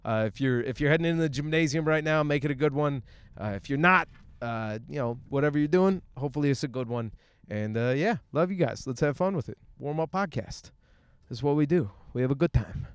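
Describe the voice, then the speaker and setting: This is a young man, hosting his own podcast as a solo rant. His voice is smooth and a bit high, and it swings widely up and down. He swears freely and laughs through his own stories, recorded close on a dry mic. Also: expressive, brisk, no room sound. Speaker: podcast host.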